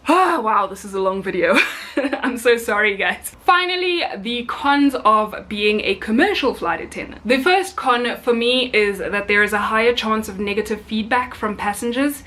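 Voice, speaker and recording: A woman's voice: medium pitch, fairly bright tone. A young South African woman, a flight attendant, talking casually to camera with chatty, apologetic asides.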